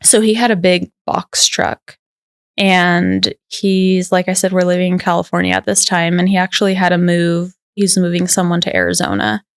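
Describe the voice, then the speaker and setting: A woman telling a personal story as a podcast guest, her voice smooth and resonant. She talks candidly and loosely, leaning on "like" fillers, and the sound is close and dry. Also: fairly low pitch, level tone, moderate pace, dry recording. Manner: candid, rambling, heavy use of "like" fillers.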